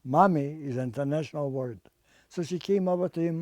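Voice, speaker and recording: Older man, halting survivor testimony, slightly high, mellow voice, dry close sound. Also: dry recording. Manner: halting, repeats words, plain non-native English. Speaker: Holocaust survivor and artist. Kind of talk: personal testimony.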